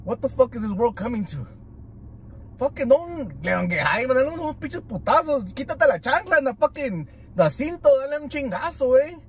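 Man, food vlogger, profane animated rant, high voice, swooping pitch, inside a car. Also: fairly quick, slight background noise. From Southern California. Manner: animated, slangy, switches into Spanish. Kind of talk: profane ranting chat while eating.

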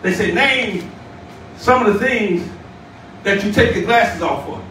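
A man preaching a sermon as bishop, shouting and calling out to the congregation, recorded from a distance in a church. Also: high voice, unhurried, slight background noise. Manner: shouting, call-and-response preaching. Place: church sanctuary. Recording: echoey church room, distant mic.

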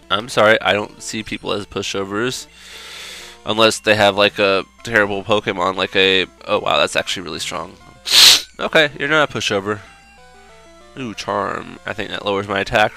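A man's voice: on the low side, vocal fry, pushed and bright, smooth. Frustrated young man cursing at a game. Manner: swears and groans at the game, quick to frustration. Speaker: let's play commentator. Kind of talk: gameplay commentary.

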